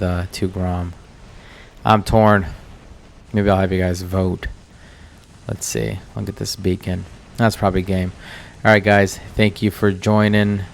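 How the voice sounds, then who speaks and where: An American man commenting casually over his own gameplay as channel host, chatty and distracted, full of ums and uhs. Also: low voice. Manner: chatty, distracted, filler-heavy.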